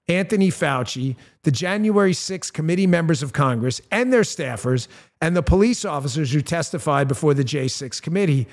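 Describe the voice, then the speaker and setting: A male talk show host with a punchy, blunt delivery who reads his own ads and turns loud and high-pitched when outraged. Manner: conversational, with fillers and restarts. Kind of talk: talk show monologue with ad read.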